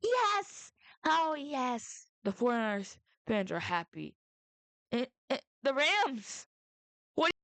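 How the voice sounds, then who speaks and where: Young girl rambling about football picks into a headset, kinda high voice, dead dry sound. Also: very animated, takes it slowly, a bit bright, no room sound. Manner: rambling, self-interrupting, jokey asides. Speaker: sports predictions vlogger. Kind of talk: casual chat with mock phone call and bits. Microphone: headset or headphone mic.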